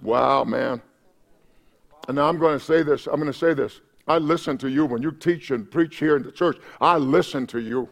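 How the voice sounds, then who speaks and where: A man preaching a sermon as pastor of a church, impassioned, with shouted peaks and repeated words. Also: mid-range voice, normal speed, gravelly. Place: church sanctuary.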